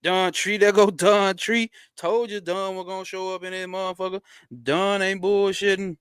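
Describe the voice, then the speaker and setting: A man hosting a casual livestream from home into a close mic, using loose, slangy street talk and a lot of swearing. He greets viewers by name and gets excited fast. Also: smooth, dry recording. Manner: swearing, excitable, jumps up in pitch when hyped. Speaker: livestream host.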